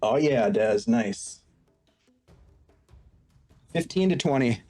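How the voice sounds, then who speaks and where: A man's voice: medium pitch, animated, slow, mellow, faint music behind. A man running a tabletop game as game master, describing scenes and calling for rolls.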